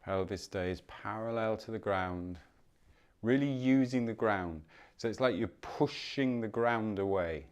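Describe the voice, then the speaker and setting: A man teaching a movement class, giving calm, unhurried cues with soft encouragement while he moves nearer to and farther from the mic. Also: lowish voice, clean tone. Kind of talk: guided movement class instruction.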